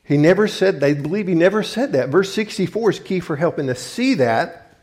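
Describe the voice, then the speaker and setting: A man's voice: high-pitched, lively intonation, normal speed, darkish tone. A man preaching a sermon, emphatic and often restarting to rephrase his point as he urges listeners to look and listen. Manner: restarts and rephrases mid-thought. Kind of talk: sermon teaching from scripture.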